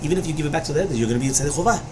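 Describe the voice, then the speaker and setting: Man teaching Talmud, higher voice. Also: expressive, rapid-fire, a little mellow, slight background noise. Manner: explains each line, repeats with "right?" and "you understand?". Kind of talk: Talmud study lecture.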